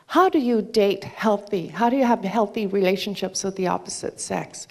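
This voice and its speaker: A woman's voice: mid-range voice, darkish tone. Earnest woman telling a story onstage. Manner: earnest, retells dialogue with quick quoted exchanges. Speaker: speaker at a charity talk event. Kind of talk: storytelling talk to an audience. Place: stage before an audience.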